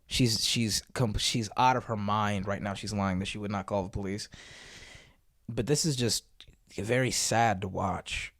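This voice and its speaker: A man's voice: fairly low pitch, fairly even intonation, a little slow, fairly bright tone, dry recording, studio quality. A man hosting a commentary video, reacting to a clip in a blunt, profane, sarcastic way. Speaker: host.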